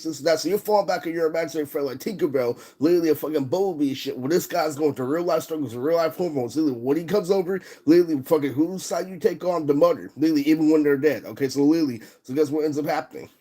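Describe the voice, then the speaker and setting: A man's voice: mid-range voice, darkish tone. A young man ranting on a livestream, rambling and profane with constant fillers.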